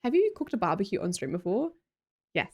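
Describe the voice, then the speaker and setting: On a live stream, a young Australian woman talks briskly in a very animated, mid-range voice with a darkish tone. She greets chatters, reads chat aloud in casual conversation, and laughs often.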